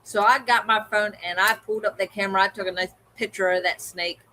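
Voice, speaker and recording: Animated woman telling a story, bright voice. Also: medium pitch, quick pace, poor audio. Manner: animated storyteller, acts out quoted people. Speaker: co-host of a livestream hangout. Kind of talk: casual storytelling chat.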